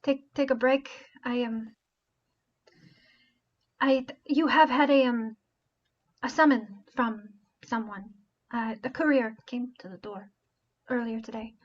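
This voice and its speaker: Lady doing a hushed little temple devotee, high voice, kinda muffled lo-fi stream sound. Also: steady tone, slow pace, long pauses. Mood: gentle. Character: quiet pious female temple devotee. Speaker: temple keeper. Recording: dull lo-fi stream audio.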